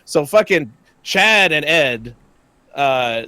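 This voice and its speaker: A man's voice: fairly high pitch, slow, clear, resonant tone, no echo. A man chatting casually while gaming, telling a story with lots of laughter and swearing. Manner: animated, laughing, swears freely. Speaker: gamer and co-streamer.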